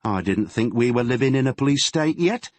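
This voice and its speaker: A man's voice: mid-range voice, expressive, brisk, dry recording, pitched above the performer's own voice, lightly acted. Man doing an evasive music promoter. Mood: defensive. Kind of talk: audiobook character reading.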